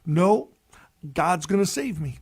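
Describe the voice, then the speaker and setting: A man's voice: high voice, lively intonation, takes it slowly, breathy edge, heavily acted. A man voicing a devout man who keeps refusing rescue while pleading with God. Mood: stubborn. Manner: stubborn, pleading.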